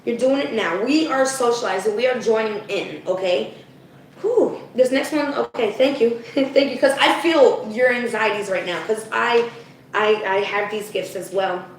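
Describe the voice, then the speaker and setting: Woman reading cards live, chatty, somewhat high voice, losing her voice, very echoey room, set back from the mic. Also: moderate pace, far from the mic, slight background noise. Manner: chatty, addresses viewers as "guys", frequent "okay?". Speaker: spiritual card reader. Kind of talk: live-stream card reading.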